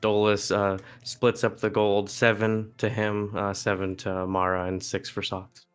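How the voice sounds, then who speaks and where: A man's voice: on the low side, completely flat delivery, unhurried, clear, resonant tone. A man playing a tabletop game, talking in a casual, matter-of-fact way. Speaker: player. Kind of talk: tabletop role-play chat.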